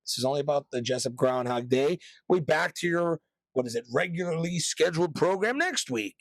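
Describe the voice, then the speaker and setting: Man, podcast host, somewhat high voice, dry close sound, jokey pitchman delivery. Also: lively intonation, fairly quick, no echo. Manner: loose, joking, promotional. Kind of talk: casual podcast chat.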